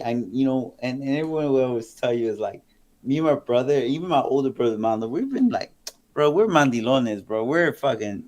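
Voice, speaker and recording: A man who was once a kingpin, talking on a live stream as a guest. He tells animated, rambling stories with lots of restarts and swearing. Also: mid-range voice. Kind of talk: casual storytelling on a live stream.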